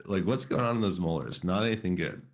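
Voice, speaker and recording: Deep, lively man reading a storybook. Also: fast talker. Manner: playful, mock-earnest storyteller. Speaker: podcast co-host. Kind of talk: reading a children's book aloud with banter.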